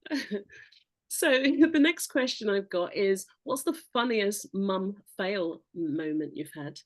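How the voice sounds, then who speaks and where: A woman hosting a podcast interview, asking questions and responding with warm affirmations and giggles. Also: medium pitch, slow, dry recording. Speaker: podcast host.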